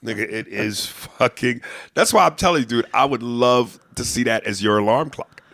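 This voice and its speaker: A man hosting a comedy podcast, talking in a profane, animated way and breaking into impressions. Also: mid-range voice, moderate pace, vocal fry, dry recording. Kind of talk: casual comedy podcast chat.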